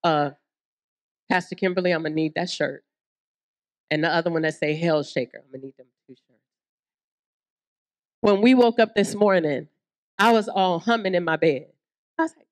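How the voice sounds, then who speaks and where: A Southern American woman preaching a lively sermon at a women's conference, acting out little scenes and voices as she goes. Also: normal speed, pauses often. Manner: animated, acts out voices, swoops in pitch. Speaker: guest preacher.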